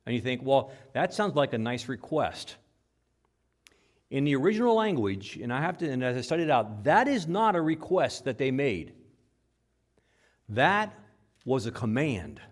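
Animated male preacher, lively pitch. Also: moderate pace. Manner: animated preaching, dramatizes quotes, repeats words. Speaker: pastor. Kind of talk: sermon. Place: church with microphone.

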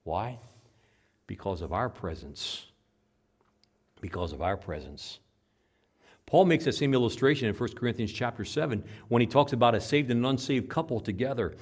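A male pastor preaching a sermon to his congregation. He swings from hushed asides to loud, emphatic peaks. He drives his points home by repeating short phrases. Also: mid-range voice, lively intonation, moderate pace, pauses often.

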